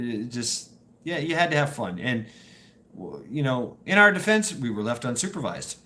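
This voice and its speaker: A man's voice: medium pitch, a bit bright. Guy on his stream rambling thru crazy old stories, lots of laughs and swearing, voice all over the place. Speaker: livestream host. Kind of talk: casual storytelling to live chat.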